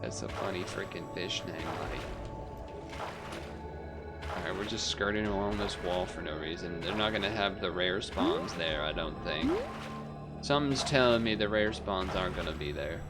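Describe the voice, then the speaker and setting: A man's voice: low voice, moderate pace. A man live-streaming a game, rambling casually to his chat with self-amused asides and casual swearing, over game music.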